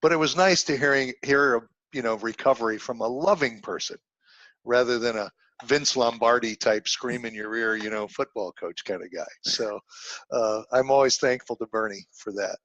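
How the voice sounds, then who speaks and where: A middle-aged man, an investor and teacher, telling stories in an animated, folksy way as a guest from home. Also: medium pitch, no echo, dull audio. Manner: animated storyteller, folksy, quick with jokes. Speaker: guest, real estate investor and instructor. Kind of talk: casual storytelling interview.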